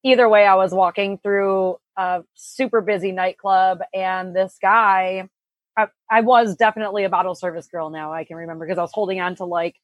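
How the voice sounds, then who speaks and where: A woman guest on a podcast tells a nightclub story in a plain, mid-pitched voice. She is modest and stops often to correct herself, and the sound is dry and close. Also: fairly even intonation, dry recording, muffled recording. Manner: modest, self-correcting, halting. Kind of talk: casual storytelling.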